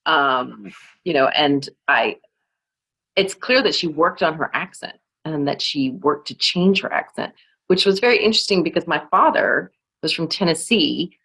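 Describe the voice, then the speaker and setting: Gravelly-voiced American woman with slight Southern drawl. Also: deep voice, expressive, moderate pace, a bit bright, low-quality recording. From California, USA. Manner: hesitant, many fillers and restarts. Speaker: author guest. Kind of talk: reflective conversational talk. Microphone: video call.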